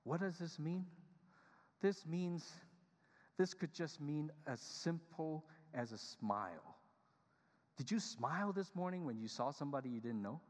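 A male pastor giving a humorous, animated sermon, speaking directly to his congregation. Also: fairly high pitch, unhurried. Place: church sanctuary. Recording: long reverb of a large church hall.

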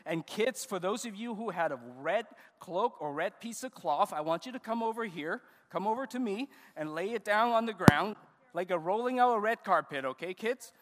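A man pastor leading a children's service, giving animated, coaxing instructions to the kids. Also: high voice. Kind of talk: children's sermon with puppet skit. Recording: reverberant church hall.

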